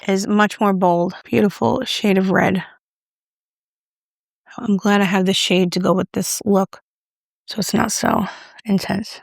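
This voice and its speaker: A woman's voice: mid-range voice, creaky, no room sound, studio quality. A woman chatting casually to camera while doing her makeup, talking through a product review with a self-mocking, playful manner. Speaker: beauty vlogger.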